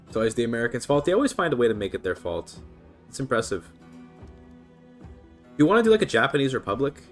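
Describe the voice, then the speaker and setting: A man's voice: mid-range voice, big pitch swings, fast, faint music behind. A Canadian man from British Columbia casually commentating a strategy game on a livestream, chatting easily and answering his chat. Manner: chatty, laid-back, reads and answers chat. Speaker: streamer.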